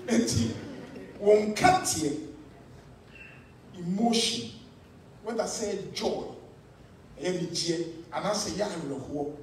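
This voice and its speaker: A Ghanaian man preaching a sermon as pastor, animated and switching between English and Twi, recorded from far off in an echoey church. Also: sits high, slow pace, pauses often, a little hiss or hum. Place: church hall.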